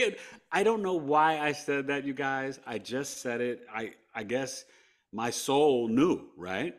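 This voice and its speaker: A man's voice: medium pitch, unhurried. A man in his fifties from New York, a podcast guest telling a personal story in a casual, conversational way, full of "right?" and "you know" asides. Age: 50s.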